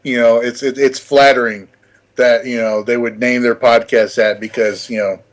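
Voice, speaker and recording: A man's voice: mid-range voice, fairly even intonation, normal speed. A man chatting casually on a gaming podcast, rambling, restarting his words and laughing often. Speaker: podcast panelist.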